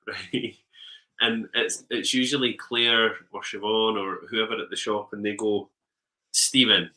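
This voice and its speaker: A man with a lowish, bright, forceful voice co-hosts a casual podcast chat, captured in low-quality audio. He tells rambling stories, laughs often, and trails off with ums.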